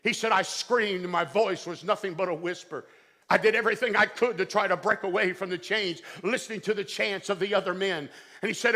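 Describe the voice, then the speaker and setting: A male preacher, his tone bright and forceful, tells his story with growing drama and rises again and again to loud peaks. His voice sits a bit high, and long church reverb trails behind every line. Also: fairly quick. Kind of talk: sermon. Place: church sanctuary. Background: long hall reverb.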